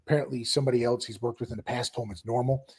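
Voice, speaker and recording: A man with a husky, slightly raspy voice talks casually on a podcast. He coaches clients and keeps the conversation moving with follow-up questions. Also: mid-range voice, fairly even intonation, very fast, darkish tone. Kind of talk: casual chat.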